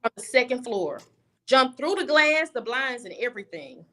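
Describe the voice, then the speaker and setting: A woman's voice: a little high, big pitch swings, moderate pace, pushed and bright. A young woman guest on a video call, telling a personal story candidly and bluntly, often restarting her sentences.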